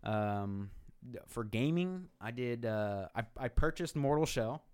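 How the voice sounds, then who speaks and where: A man in casual chat, telling a story in an animated way and swearing freely. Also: mid-range voice, measured pace, clean tone.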